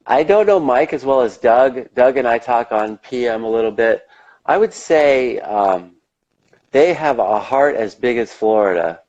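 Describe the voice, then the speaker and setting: In a relaxed interview, this American guest talks with rambling enthusiasm, occasionally cursing. He has a mid-range, slightly mellow voice, and the audio sounds dull.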